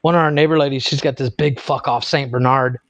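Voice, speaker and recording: In dry, muffled lo-fi audio, a man in his thirties co-hosting a podcast talks fairly quickly in a mid-range voice with fairly even intonation. The chat is casual, full of swearing, and he laughs at his own stories.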